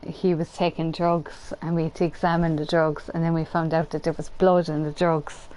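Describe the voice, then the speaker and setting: Woman on stream, lowish voice, rambles on with lots of ums. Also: level tone, moderate pace, a little mellow, slight background noise, poor audio. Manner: rambling anecdotes with many fillers. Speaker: streamer playing a co-op game. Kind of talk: casual chat.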